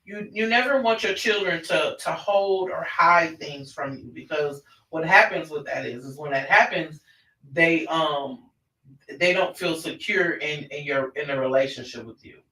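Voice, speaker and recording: A man's voice: on the high side, measured pace, bright, forceful tone. A man presenting an online parenting class in a conversational way, often restarting his sentences. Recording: roomy, distant mic.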